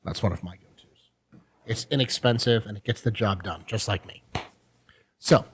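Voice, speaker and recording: A man's voice: on the low side, moderate pace, a little hiss or hum. Rambling storytelling podcast host, man. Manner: rambling storyteller, animated quoted voices; drinks and chats over whiskey. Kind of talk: casual chat.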